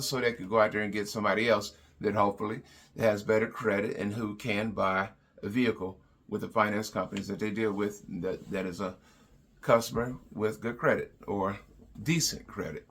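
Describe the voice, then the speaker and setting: A man's voice: on the low side, fairly even intonation, moderate pace, fairly bright tone. A car salesman talking through buying advice in a plain, repetitive way with lots of fillers. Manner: plain-spoken, repeats words, many fillers. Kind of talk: advice vlog talk.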